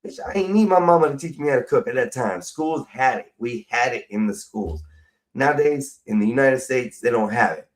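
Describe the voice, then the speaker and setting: A man's voice: mid-range voice, animated, fairly quick, far from the mic. A middle-aged man, rambling profanely and casually to his livestream audience. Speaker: livestream host.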